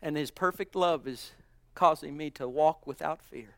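A middle-aged man preaching a sermon, going from loud exclamations to hushed near-whispers, and slowing down low for scripture quotes. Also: vocal fry, no echo.

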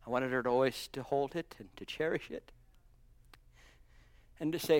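A middle-aged man preaching a sermon, going from loud exclamations to hushed near-whispers, and slowing down low for scripture quotes. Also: gravelly, dry recording, clean studio sound.

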